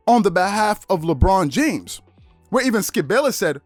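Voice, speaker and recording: Man, sports commentary host, animated delivery, soaring expressive pitch, dry studio sound. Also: no room sound, soft background music. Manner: animated, quick storytelling.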